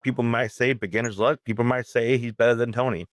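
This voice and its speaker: A man's voice: mid-range voice, steady tone, quick pace, no room sound, clean studio sound. A man co-hosting a poker podcast in casual banter. He tells jokey stories, swears freely and repeats his words as he talks. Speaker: podcast co-host.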